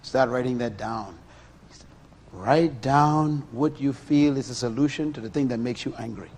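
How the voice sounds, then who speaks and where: A middle-aged man preaching a sermon, animated and full of rhetorical questions to his listeners. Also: mid-range voice, measured pace.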